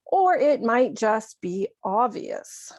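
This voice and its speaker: A woman teaching English to learners, explaining things slowly and carefully with acted examples. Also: fairly high pitch, sing-song, darkish tone, dry recording. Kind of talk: slow, careful ESL lesson.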